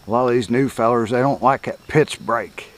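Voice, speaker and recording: A man's voice: mid-range voice, moderate pace. An older man, teaching coyote calling in a folksy, rambling, chuckling way. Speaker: coyote hunting instructor. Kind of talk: casual outdoor teaching.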